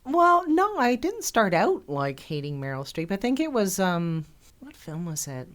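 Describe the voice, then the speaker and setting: A woman's voice: mid-range voice, big pitch swings, a little slow. A woman co-hosting a podcast, giving blunt, wry opinions in casual film chat.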